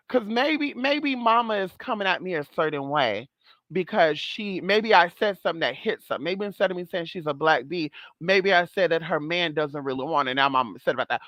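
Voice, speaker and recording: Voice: mid-range voice, moderate pace, fairly bright tone, no room sound. A vlog host talking casually and sassily, swearing freely and calling viewers "girl" and "honey". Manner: sassy, profane, chatty, calls viewers girl and honey. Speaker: channel host.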